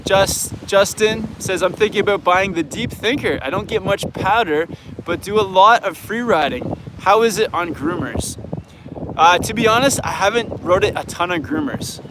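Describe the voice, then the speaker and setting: High-voiced Canadian man, wind on mic. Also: moderate pace. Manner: easygoing, frank, thinks aloud. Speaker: snowboard coach and channel host. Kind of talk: live viewer Q&A chat.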